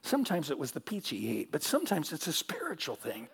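Gravelly, animated man preaching. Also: a little high, quick pace. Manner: animated storytelling preacher, rhetorical questions, repeats phrases. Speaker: pastor. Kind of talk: sermon.

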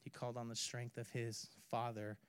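A man preaching a sermon, telling a personal story in an animated way, with sudden loud bursts and quiet drops. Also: mid-range voice, normal speed, smooth. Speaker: pastor.

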